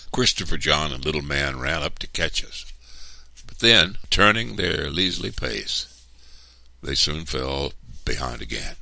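A man reads a storybook aloud, unhurried and expressive. His voice is very deep and gravelly, yet bright on top, and it swings widely in pitch. The sound is dry and close. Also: dry recording.

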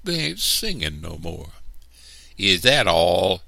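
A man with a gravelly voice voicing a practical, impatient boy who talks gruffly to his sister. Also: low voice, big pitch swings, slow, bright, forceful tone, no echo, voice pushed up, full character voice.

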